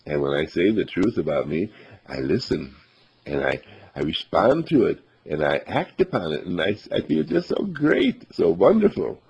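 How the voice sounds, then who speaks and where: A man's voice: sits low, very animated, normal speed, creaky, a little mellow, husky, dull audio. A man giving an earnest, upbeat self-affirmation monologue as a motivational speaker, repeating his affirmations.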